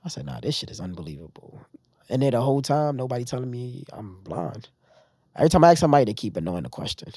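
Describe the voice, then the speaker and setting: Talking fast at medium pitch, a new man appears as a podcast guest and casually retells a story with animation, voicing other people's lines. The dry close mic leaves no echo.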